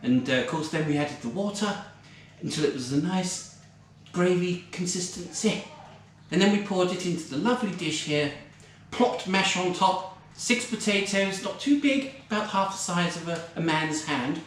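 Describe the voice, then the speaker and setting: A man's voice: high voice, normal speed, slight background noise, close to an everyday voice. A man playing a scatty, posh middle-aged British lady co-hosting a cooking show, plummy and rambling, saying darling constantly. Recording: very echoey room, far from mic.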